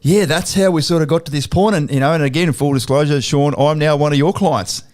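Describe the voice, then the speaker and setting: A man's voice: fairly high pitch, brisk, darkish tone. An Australian man hosting a podcast in a studio. He chats casually, swears freely and tells stories by acting out quoted exchanges. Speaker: podcast host. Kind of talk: casual interview chat.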